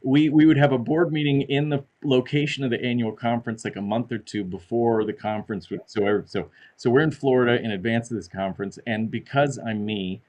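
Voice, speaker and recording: A middle-aged man, a podcast guest, talking in a lively, self-deprecating way about his life. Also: mid-range voice, a little fast, hardly any pauses, low-quality recording. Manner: animated, self-deprecating storyteller. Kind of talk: casual conversation.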